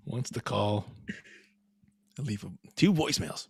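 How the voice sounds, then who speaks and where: A young man co-hosting a podcast, telling a story in animated casual chat and laughing often. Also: fairly low pitch, a little slow, vocal fry, pauses often, husky, no room sound, clean studio sound. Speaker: podcast co-host.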